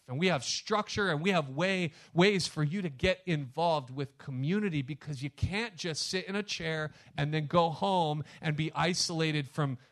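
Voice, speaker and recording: Pitched fairly high, this male pastor's voice carries a sermon aimed squarely at the congregation. His delivery is emphatic, alternating loud punches with quiet asides.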